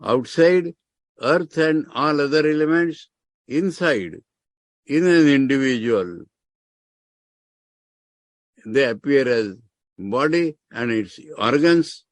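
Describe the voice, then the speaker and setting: Indian-accented male monk, unhurried scriptural discourse, mid-pitched, dry close recording. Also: expressive, no room sound. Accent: Indian English. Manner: explains Sanskrit terms word by word, with emphatic rises.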